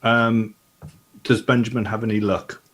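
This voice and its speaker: Low, slow-talking man playing a tabletop game. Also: flat delivery, fairly bright tone, slight background noise. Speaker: player. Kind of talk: tabletop role-play, describing his character.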